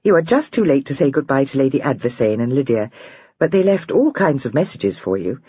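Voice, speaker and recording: A woman voicing a brisk, practical young wife with a prosaic, chattering manner. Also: rumbling low, very animated, dark tone, husky, no echo, heavily acted. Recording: dry, slightly dull recording.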